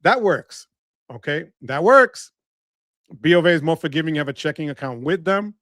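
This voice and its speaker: High-voiced animated New man. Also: normal speed, no room sound, studio quality. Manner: animated, playful, shouts catchphrases. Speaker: livestream host. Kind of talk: casual livestream chat reading viewer comments.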